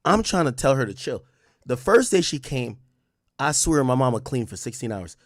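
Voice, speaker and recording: Animated man chatting to his stream. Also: medium pitch, moderate pace, no room sound, clean studio sound. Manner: animated storytelling with slang and profanity. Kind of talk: casual chat with a livestream audience.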